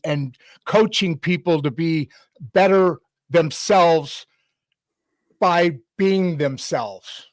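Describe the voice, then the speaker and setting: A man hosting a casual podcast interview, rambling with many fillers and restarts. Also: fairly high pitch. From United States. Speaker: host.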